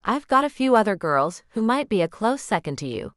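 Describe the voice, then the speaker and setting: A woman's voice: medium pitch, sing-song, a little fast, dry recording, natural voice. A woman reading the lines of an aloof young man in an audiobook, dry and teasing.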